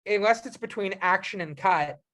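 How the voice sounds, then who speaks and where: A man's voice: sits high, normal speed. A young man from Canada, an actor being interviewed, talking casually with lots of restarts and fillers. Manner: animated, many restarts and fillers. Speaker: actor guest.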